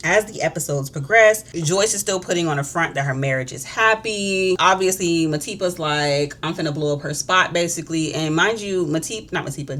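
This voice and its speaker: A woman's voice: deep voice, fairly bright tone, a little hiss or hum. A woman chatting casually and gossipily while doing her makeup, in slang, acting out the characters' quoted lines. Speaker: beauty vlogger. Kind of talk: casual chat recapping a show.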